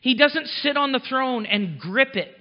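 A man's voice: extremely high pitch, expressive, unhurried. A pastor preaching a sermon in a conversational, emphatic way, chuckling at his own lines. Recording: long reverb, dull muffled sound.

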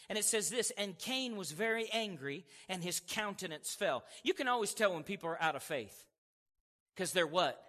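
High, lively preacher in a reverberant hall. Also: male voice. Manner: animated, acts out scripture voices, asks the crowd questions. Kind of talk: sermon. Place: church hall.

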